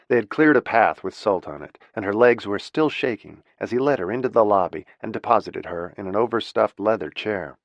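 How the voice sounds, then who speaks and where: Low-voiced man narrating a novel. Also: no room sound. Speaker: audiobook narrator. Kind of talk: scripted narration.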